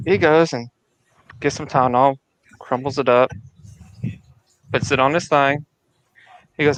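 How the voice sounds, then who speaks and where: A man on a livestream panel, telling dirty jokes in a halting way and often repeating his words. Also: medium pitch, steady tone, a bit bright, dry recording, low-quality recording. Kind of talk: casual joke-telling.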